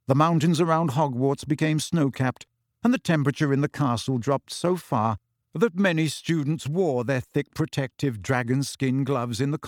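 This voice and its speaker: Male storybook narrator, measured delivery, dry close sound. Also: medium pitch, no echo. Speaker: audiobook narrator. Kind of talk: scripted narration.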